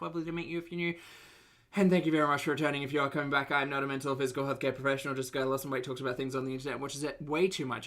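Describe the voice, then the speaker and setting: Bright-voiced man streaming live. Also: on the high side. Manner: chatty and upbeat, greets viewers by name, laughs often. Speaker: livestream reaction host. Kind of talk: casual live-stream chat. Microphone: headphones on, streaming setup.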